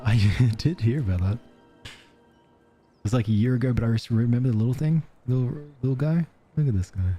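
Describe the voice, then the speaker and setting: An Australian man chatting casually while streaming a game, reacting to viewers' messages with soft chuckles. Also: mid-range voice, brisk, soft background music. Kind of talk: casual gameplay commentary.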